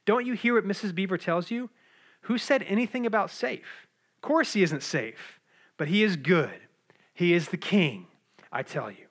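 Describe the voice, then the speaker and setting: A man's voice: sits high, lively intonation, normal speed. A man reading aloud the lines of a stern male beaver in a storybook scene, in an emphatic way.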